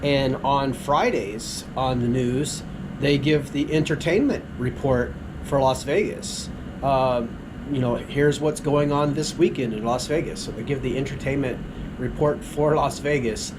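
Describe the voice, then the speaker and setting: A man from South Texas, a tour driver, casually telling rambling jokes and stories and often clearing his throat. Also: mid-range voice, a little slow, background noise. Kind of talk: casual storytelling.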